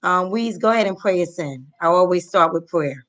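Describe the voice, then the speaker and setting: A woman from New Jersey hosting a live online talk, speaking casually and warmly with many pauses and ums over a video call. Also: on the low side, animated. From Paterson, New Jersey, US. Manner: soft-spoken, many ums, heartfelt. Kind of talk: casual live-stream chat.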